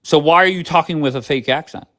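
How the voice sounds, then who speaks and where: A man's voice: a little high, quick pace, a bit bright. Blunt, sarcastic male stream host. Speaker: livestream host. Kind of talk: casual live-stream chat.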